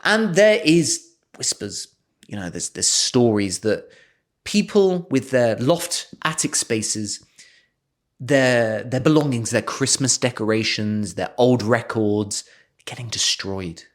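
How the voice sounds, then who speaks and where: A man spins an improvised comic story as a podcast co-host. His delivery is mock-dramatic and he keeps slipping into laughter. His pitch swings widely and stays lively throughout. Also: slow pace.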